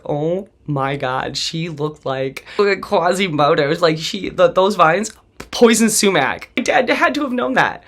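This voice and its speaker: A woman in her forties hosting a podcast, telling her own family story bluntly and with swearing, often laughing through hard memories. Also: low-pitched. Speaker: podcast host. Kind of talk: candid personal storytelling.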